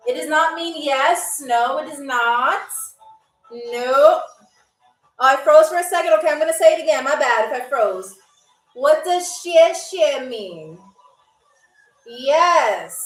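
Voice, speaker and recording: A woman hosting a live trivia game show, chatting playfully with commenters and spelling out foreign phrases slowly. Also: high voice, recorded from a distance. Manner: playful, teasing chat with commenters. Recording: echoey room, away from the mic, faint music.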